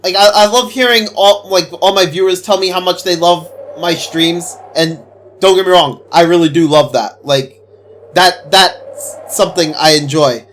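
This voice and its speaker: A man streaming a video game and chatting casually with viewers, excitable and gushing, laughing often. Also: sits high, normal speed, a little hiss or hum. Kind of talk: casual gameplay stream chat. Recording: faint game music behind.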